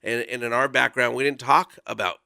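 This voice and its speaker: A man in his forties tells a personal story in a radio studio, speaking earnestly with plenty of casual fillers. His voice is gravelly and bright, and the sound is dry and close. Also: mid-range voice, steady tone, a little fast, dry recording. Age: 40s. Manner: earnest, conversational, with frequent fillers. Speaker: volunteer guest speaker.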